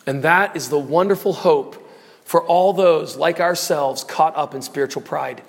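Fervent high-voiced preacher man in his forties. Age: 40s. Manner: fervent, rising to impassioned pleas. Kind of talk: sermon. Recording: echoey hall reverb.

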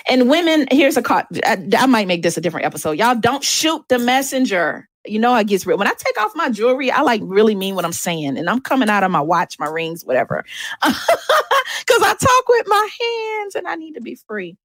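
A woman's voice: on the high side, big pitch swings, brisk, a bit bright, dry recording. A woman hosting a show, talking candidly and emphatically about faith and dating, speaking straight to her listeners. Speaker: host.

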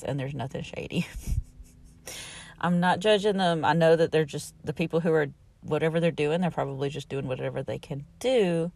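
Middle-aged woman, podcast host, exasperated casual storytelling, slightly low pitch, dry close recording. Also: darkish tone, no room sound. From Southern United States. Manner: chatty and exasperated, laughs between remarks.

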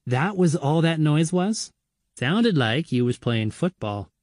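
A man's voice: fairly high pitch, sing-song, slow pace, a little mellow, dry recording, studio quality, voice pushed up. A man voicing a timid pleading teenage girl. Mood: prying. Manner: ungrammatical, pleading.

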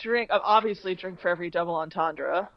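An enthusiastic woman talking on a podcast, quick to laugh. She sounds close and dry, with a slightly dull, muffled sound. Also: fairly low pitch, no room sound. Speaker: podcast guest. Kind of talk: casual chat.

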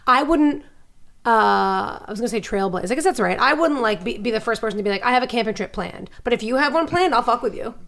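A woman with a New York accent, telling stories on a podcast with lots of energy. She restarts sentences and slips into funny voices. Her voice sits a little high for a woman. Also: vocal fry. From New York, Long Island. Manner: animated storyteller, quick restarts and voices. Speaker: guest, actress and comedian. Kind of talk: casual podcast chat.

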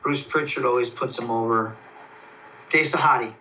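A man, a professional wrestler, telling stories in a casual interview, excitable and rambling with lots of fillers and restarts. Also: medium pitch, moderate pace, far from the mic, a little hiss or hum, poor audio.

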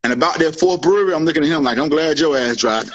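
A man casually telling a drinking story on a podcast, slangy and profane, animated as he goes. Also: a little high, fast talker, lo-fi sound, crowd noise. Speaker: podcast co-host.

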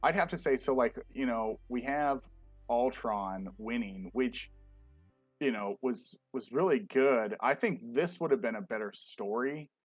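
A man co-hosting a casual podcast chat, an excitable fanboy who leans on fillers. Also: mid-range voice, unhurried, dry recording, faint music behind. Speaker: podcast co-host. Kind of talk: casual chat reviewing a show.

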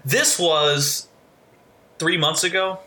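Man, podcast co-host, very bright tone, casual swearing storyteller. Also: on the high side, steady tone, takes it slowly. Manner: storytelling, heavy swearing, lots of fillers. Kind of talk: casual chat.

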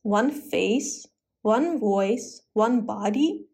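A woman's voice: on the high side, expressive, very slow, gravelly, darkish tone, full character voice. Woman reading as a hot-tempered duke. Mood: amazed.

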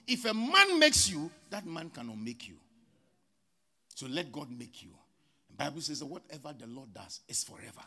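A man preaching a sermon as pastor, with sudden loud rises and soft drops. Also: a little high, creaky, slightly rough.

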